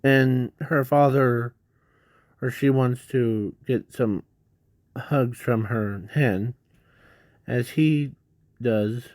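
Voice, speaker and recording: Guy rambling thru a fan story super slow, lots of ums, dry close sound. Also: mid-range voice, a little mellow, dry recording. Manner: halting, many restarts and fillers. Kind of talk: improvised fan story narration.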